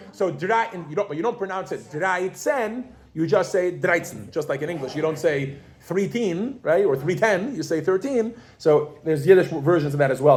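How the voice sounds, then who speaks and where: A man with a high, very lively voice leads a group class, joking and playing with his students as he drills them on numbers. His pitch swings widely from line to line. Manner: animated, playful, joking with the class. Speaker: Yiddish teacher. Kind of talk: classroom lesson. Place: classroom with a group of adult learners.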